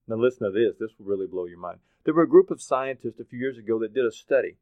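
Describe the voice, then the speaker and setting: A man from Oklahoma gives a motivational talk and tells animated stories, acting out voices as he goes. His voice sits in the middle range. The recording is dry and thin, as if heard over a phone line. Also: medium pitch, quick pace, no echo. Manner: animated storytelling, acts out voices and laughs. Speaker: motivational speaker. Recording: dry, phone-like narrow sound.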